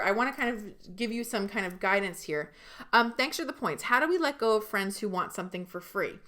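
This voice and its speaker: A woman's voice: on the high side, pushed and bright. A woman business coach giving a live online training, speaking emphatically and talking directly to her viewers.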